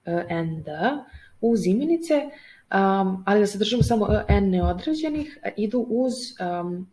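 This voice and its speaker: A woman's voice: on the low side, mellow, rough recording. A woman explaining English grammar as a teacher, hesitant and full of fillers as she reads a text aloud. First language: Serbian. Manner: hesitant, many fillers, switches between languages.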